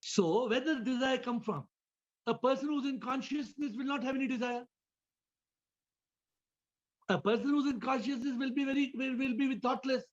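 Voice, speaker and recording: A man's voice: extremely high pitch, normal speed, pauses often, dull audio. A man, a spiritual teacher, giving a question-and-answer talk over a video call, often repeating words and asking listeners questions.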